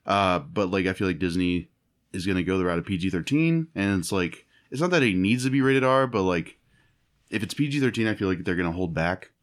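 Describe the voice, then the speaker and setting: A man co-hosting a casual podcast chat, talking in an animated, jokey, rambling way. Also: deep voice, fairly quick.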